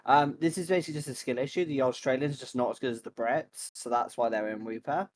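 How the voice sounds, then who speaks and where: A man's voice: medium pitch, quick pace, noisy background. A young man co-hosting a casual podcast, trading teasing jokes with his friends. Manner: teasing, joking banter. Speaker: podcast co-host.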